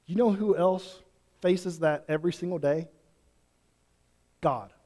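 A man's voice: fairly high pitch, takes it slowly, warm tone. A pastor preaching an earnest sermon to his congregation, pressing them with repeated questions. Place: church sanctuary. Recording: long hall reverb.

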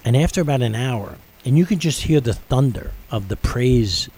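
A man's voice: medium pitch, expressive, normal speed, a little mellow, slightly rough, rough recording. Middle-aged male radio host, earnest storyteller, ordinary mid-range voice. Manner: earnest storytelling, building intensity. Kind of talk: personal testimony on radio.

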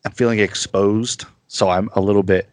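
A man chatting casually as a guest on a podcast, easygoing and quick to laugh at himself. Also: fairly low pitch, fairly even intonation, no room sound, studio quality.

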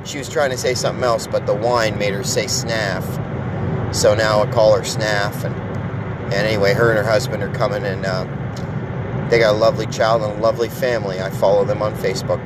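A man's voice: lowish voice, fairly quick, noisy background. A man hosting a podcast, telling rambling, profane, jokey stories in a casual monologue. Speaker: podcast host.

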